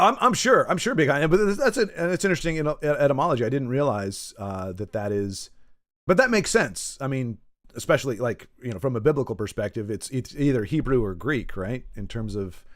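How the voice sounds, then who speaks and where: A man's voice: medium pitch, animated, fairly quick, no room sound. Rambling streamer man, dry close mic. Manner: rambling, self-correcting, jokey asides to chat. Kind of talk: casual live-stream chat while gaming. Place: in Texas.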